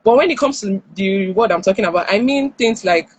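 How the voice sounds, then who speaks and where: A woman with a Nigerian accent speaks to parents on a live stream, lively, and she acts out the lines of parents and children. Her voice is a little husky. It sits close and dry, with no room around it. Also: medium pitch, brisk, dry recording, poor audio. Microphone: phone or headset on a live stream.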